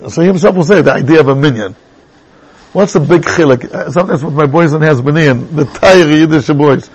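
Casting: male Torah teacher, high pitch, husky, chatty, mixes in Hebrew terms. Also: a little fast, muffled recording. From England. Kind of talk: classroom text lesson.

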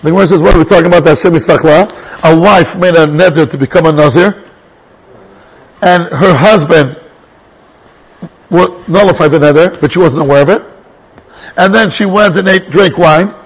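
Man, rabbi teaching a class, animated, high-pitched, raspy. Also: normal speed, pauses often, low-quality recording. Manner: animated, jumps between English and Hebrew terms, restarts sentences. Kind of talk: lively Torah lecture.

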